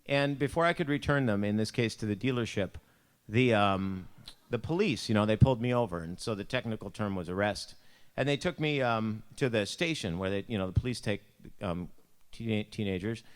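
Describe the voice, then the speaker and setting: A man's voice: fairly low pitch, expressive, a little fast. A man from Buffalo, New York, with a Buffalo accent, telling a self-mocking personal story in a church devotion. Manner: chatty, self-mocking, acts out voices in his anecdotes.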